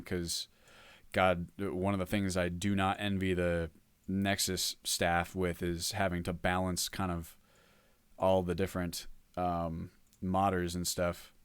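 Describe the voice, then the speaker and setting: A modlist developer streams casually while he works, speaking in a low, smooth voice captured in a dry recording. He rambles, reads chat aloud, and hums to himself.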